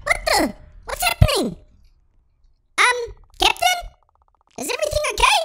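Squeaky chipmunk-style gaming host voice. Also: wildly swooping pitch, a little slow, pushed and bright, a little hiss or hum. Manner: bubbly, giggly, exclamatory. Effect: high chipmunk-style pitch-shifted voice. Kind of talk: excited gameplay commentary.

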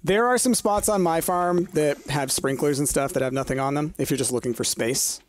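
A woman's voice: low voice, brisk. A woman chatting casually while playing a game with friends, wry and teasing. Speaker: gamer. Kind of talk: casual gameplay chat.

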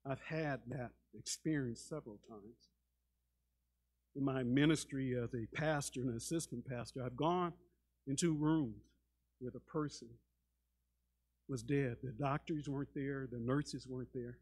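A man preaching a sermon as a pastor, dramatic, shifting between loud and hushed delivery and often repeating words as he starts a sentence. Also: mid-range voice, a little slow. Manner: dramatic, acts out quoted voices, swings between loud and hushed.

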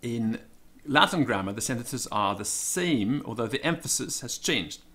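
A man giving an informal spoken lesson, thinking aloud with many ums and slowing down to stress each example. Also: mid-range voice, lively intonation, pushed and bright. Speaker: Latin teacher.

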